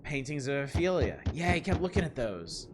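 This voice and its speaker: A man's voice: fairly high pitch, sing-song, fairly quick, music in the background. A man commentating a game on a live stream, wry and joking, swearing when startled. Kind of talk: live let's-play commentary.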